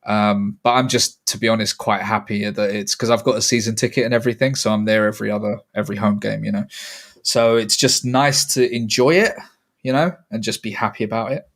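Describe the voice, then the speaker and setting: A man's voice: on the low side, a little fast. Easygoing man, podcast guest. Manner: relaxed and easygoing, with hesitant restarts. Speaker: guest comedian. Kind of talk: casual podcast chat.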